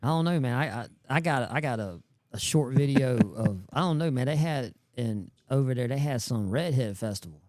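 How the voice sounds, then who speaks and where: A man talks loosely as a guest on a podcast, piling on slang and circling back over his own words. His voice is mellow and dark, recorded dry and close. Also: mid-range voice, lively intonation, moderate pace, few pauses, dry recording. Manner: rambling, slangy, repeats words. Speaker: guest YouTube creator. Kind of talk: casual podcast chat.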